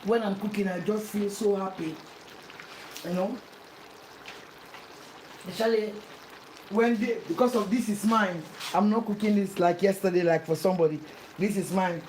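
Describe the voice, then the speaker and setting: A woman's voice: mid-range voice, moderate pace, pauses often, darkish tone, echoey room, far from the mic, a little hiss or hum, poor audio. A Sierra Leonean woman chatting casually while cooking at home, self-mocking and pleading with viewers for likes. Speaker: cooking vlogger. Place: home kitchen.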